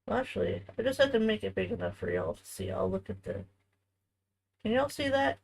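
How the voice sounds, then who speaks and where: A woman's voice: fairly high pitch, wildly swooping pitch, fairly quick, gravelly, darkish tone, low-quality recording. A woman streaming from home, chatting casually with viewers as she works on a craft. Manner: chatty, talks to viewers while working. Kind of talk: casual live-stream chat while crafting.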